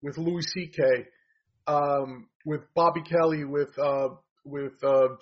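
Husky high-voiced opinionated man. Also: steady tone, slow. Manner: blunt, opinionated, rambling with fillers. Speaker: comedy commentator. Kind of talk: casual opinionated chat. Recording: dull lo-fi audio.

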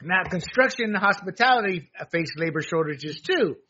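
A man from the United States ranting through a combative political monologue. His voice sits high and bright with a husky grain. The recording sounds dull and lo-fi. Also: animated, moderate pace, a little hiss or hum. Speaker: political commentary host.

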